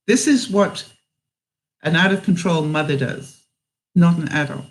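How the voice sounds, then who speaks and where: A woman's voice: lowish voice, unhurried, long pauses, low-quality recording. A woman vlogger giving frank advice to her viewers, laughing often and acting out what she would say. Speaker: vlogger answering viewer questions. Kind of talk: casual advice talk.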